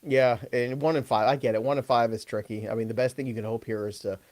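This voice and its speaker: A male host of a live fantasy football show, running through viewer questions in a loose, joking way. His voice sits at an ordinary middle pitch. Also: fairly even intonation, fast, a little mellow. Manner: joking and loose, often laughing. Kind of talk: live casual sports advice chat.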